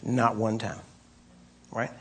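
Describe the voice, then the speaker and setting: A middle-aged man gives a casual teaching sermon, talking straight to the congregation and checking in with "right?" again and again. His voice is a little husky, and he pauses now and then to clear his throat. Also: lowish voice, level tone. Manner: conversational, repeats "right?", clears throat often. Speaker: preacher teaching on deliverance.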